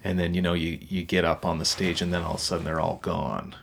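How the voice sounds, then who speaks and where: Talking fast in a low voice with little pitch movement and some vocal fry, this young podcast co-host chats casually over slight background noise. His speech wanders and stalls, full of restarts.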